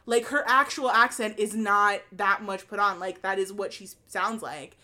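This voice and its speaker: A woman's voice: medium pitch, normal speed, pushed and bright. A young woman co-hosting a podcast, giving blunt, opinionated takes in casual chat and swearing freely. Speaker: podcast co-host.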